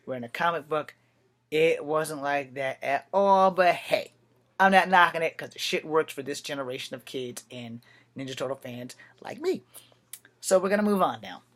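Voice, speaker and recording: A man's voice: on the high side, normal speed, a bit bright. A man giving a casual, rambling comic book review at home at night, drifting into asides and restarting his sentences.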